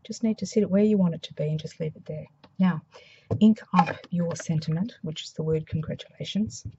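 A woman with an Australian accent, slightly hoarse after a flu, demonstrating a craft project in a soft, mumbling, thinking-aloud way. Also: on the low side, a little fast, highs cut off, slight background noise. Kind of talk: casual craft tutorial.

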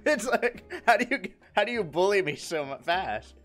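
A young man live-streaming in casual chat, animated and profane as he jokes back at his viewers. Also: sits high, slow pace, faint music behind. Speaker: livestreamer.

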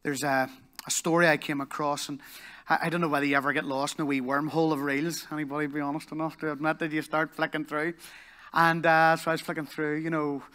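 A Northern Irish man preaching at a church service. His voice is bright and fairly high for a man, and it swings from animated storytelling to a soft, slow hush. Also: clear, resonant tone. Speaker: pastor. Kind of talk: sermon. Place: church service in a leisure complex hall.

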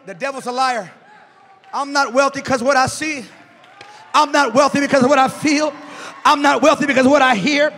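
A man preaching a sermon as pastor, shouting call-and-response lines to the congregation and driving them on. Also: very high-pitched, fairly even intonation, normal speed, long pauses. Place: large church hall with music. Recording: echoey church hall with music behind.

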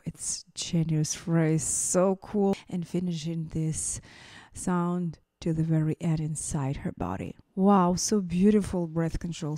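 A woman's voice: fairly low pitch, mellow. Gushing woman vocal coach reacting. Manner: effusive, gushing praise. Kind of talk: song reaction commentary.

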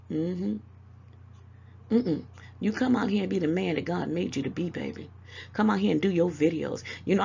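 In lo-fi sound, an older woman with a Southern US accent speaks to camera as a YouTube commentator, dishing out motherly scolding and calling people "baby." Her voice is fairly low, creaky, a little mellow and slightly rough.

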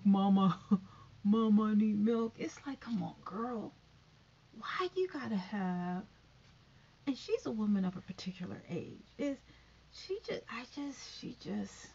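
A woman's voice: mid-range voice, a little mellow, a little hiss or hum. A woman vlogging from home, chatting bluntly and gossiping in a casual commentary. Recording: dull lo-fi recording.

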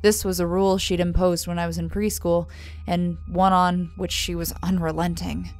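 A woman narrating a first-person horror story in a measured, scripted delivery, letting her voice fall softly on the tags. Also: on the low side, level tone. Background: soft music.

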